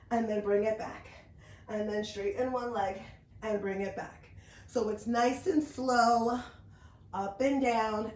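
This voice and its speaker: A woman's voice: a little high, a little mellow. Upbeat woman coaching a home workout. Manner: upbeat, encouraging, talks while demonstrating. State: slightly out of breath. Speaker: fitness instructor. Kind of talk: workout instruction. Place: room at home on an exercise mat. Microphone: camera mic at a distance. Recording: echoey room, distant camera mic.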